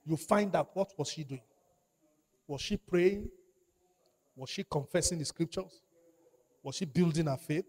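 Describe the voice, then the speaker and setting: Calling out to his congregation for responses and repeating key phrases, a pastor preaches emphatically. His voice is fairly high and a little mellow.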